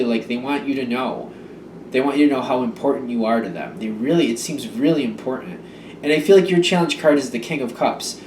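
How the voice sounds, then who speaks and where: The tarot reader's voice here is medium-pitched and a bit mellow, heard distantly in an echoey room with slight background noise. He gives his casual reading haltingly, rambling through many fillers and restarts.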